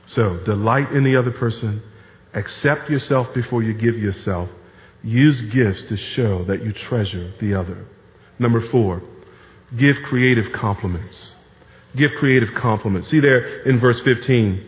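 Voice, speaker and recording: A pastor delivering a sermon in a conversational style, often repeating key phrases for emphasis. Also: male voice, medium pitch, unhurried. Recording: reverberant hall, dull lo-fi sound.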